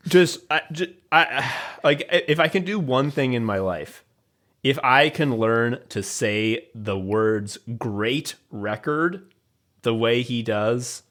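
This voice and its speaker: A man who is a guest on a casual podcast, talking in an animated, rambling way with many restarts. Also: mid-range voice, takes it slowly.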